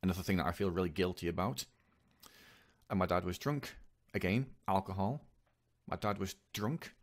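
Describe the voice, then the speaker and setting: Halting man, fairly low voice. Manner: halting, repetitive, earnest. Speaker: vlogger. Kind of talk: personal confessional monologue.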